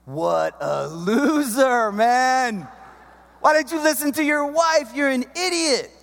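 A man's voice: very high-pitched, lively intonation, slow, gravelly, a bit bright, pitched above the performer's own voice, heavily acted. A man doing a jeering, scornful beachgoer. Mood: mocking.

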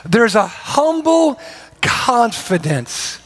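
A man preaches with a notably high voice, pressing his points with emphasis. His delivery swings from loud declarations down to hushed, slow lines. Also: big pitch swings. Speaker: pastor. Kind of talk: sermon.

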